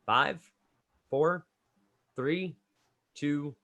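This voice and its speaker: A man hosting a trivia game, reading clues briskly and calling on players by name. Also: fairly high pitch, pushed and bright, muffled recording. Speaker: trivia quizmaster.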